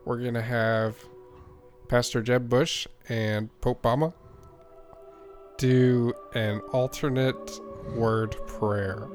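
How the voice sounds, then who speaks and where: A man hosting a comedy podcast, announcing in a deadpan way. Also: mid-range voice, takes it slowly, soft background music. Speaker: podcast host. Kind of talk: improvised comedy banter.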